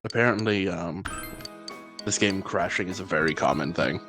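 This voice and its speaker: A man's voice: low-pitched, moderate pace, music in the background. A man co-hosting a live gaming podcast, chatting casually with dry, teasing remarks. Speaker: podcast co-host.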